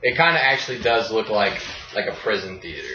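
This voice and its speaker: A man's voice: on the low side, animated, a little fast, sharp tone, slight background noise. A man narrating a tabletop game as game master, describing scenes with fillers and restarts. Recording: echoey, dull room recording.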